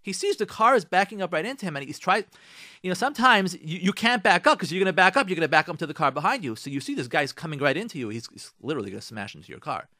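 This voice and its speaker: Rabbi guy on the radio telling a story, voice jumps all over, bright, dry sound. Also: high-pitched, rapid-fire, no room sound. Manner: animated storyteller, speaking straight to listeners. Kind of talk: radio talk on moral advice.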